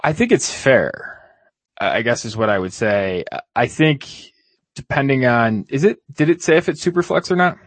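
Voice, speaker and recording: A man's voice: mid-range voice, animated, normal speed, no room sound. A man co-hosting a fantasy football show, thinking aloud with hesitant restarts. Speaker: podcast co-host. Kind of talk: casual fantasy football discussion.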